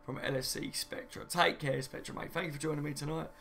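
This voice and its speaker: A man's voice: a little high, steady tone, fast, gravelly, a bit bright. A young man hosting a casual live stream from home, reading viewer comments and laughing often. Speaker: fan channel host.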